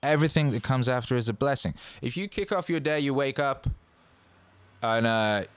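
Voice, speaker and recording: A man hosting a casual motivational monologue, swearing freely and rambling with bursts of excitement. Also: medium pitch, moderate pace, clear, resonant tone, no room sound. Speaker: host.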